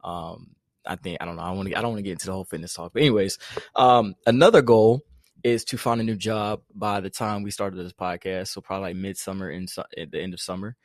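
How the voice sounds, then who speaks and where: A man's voice: deep voice, steady tone, fast talker, no echo, clean studio sound. A young man from the Carolinas co-hosting a podcast in casual, slangy chat, often laughing. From North Carolina. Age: young adult. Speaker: podcast co-host.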